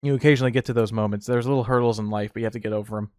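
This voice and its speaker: A man's voice: fairly low pitch, fairly even intonation, racing, darkish tone, no room sound, clean studio sound. A young man hosting a casual solo podcast, telling rambling stories with laughter and restarts. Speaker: podcast host.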